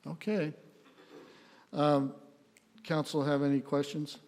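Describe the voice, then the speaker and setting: A man's voice: on the high side, little pitch movement, takes it slowly, a little mellow. A man chairing a city council meeting as mayor, friendly and joking with staff and residents. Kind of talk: chairing a public meeting, casual asides. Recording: long reverb of a council chamber.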